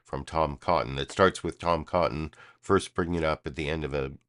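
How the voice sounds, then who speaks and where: A man's voice: very deep voice, fairly even intonation, moderate pace, fairly bright tone, smooth. A man hosting a commentary video, talking casually and rambling with many fillers. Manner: rambling, full of fillers and self-corrections.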